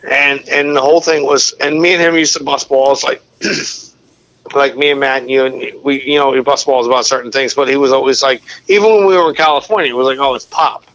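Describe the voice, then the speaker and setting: A man's voice: medium pitch, steady tone, brisk, fairly bright tone, rough recording. A man co-hosting a podcast, chatting in a joking, profane way and telling stories. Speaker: podcast co-host. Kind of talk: casual banter.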